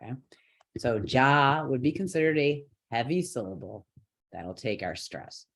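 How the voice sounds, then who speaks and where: A man's voice: mid-range voice, lively intonation, unhurried, creaky, a bit bright. A man teaching a chant lesson online, explaining the rules patiently step by step, with light laughs now and then. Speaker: yoga and mantra teacher.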